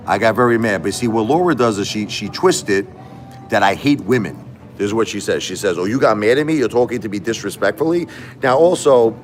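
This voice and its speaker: A middle-aged man hosting a livestream, venting emphatically and repeating himself as he talks straight to his viewers. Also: lowish voice. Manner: emphatic, repetitive, addresses viewers directly. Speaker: livestream host. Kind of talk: emotional livestream rant.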